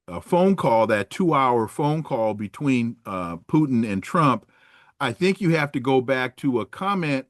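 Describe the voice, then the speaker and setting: A man talking politics as a guest, animated and sardonic, often tripping over his words. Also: medium pitch, dry recording, studio quality. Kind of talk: casual political talk.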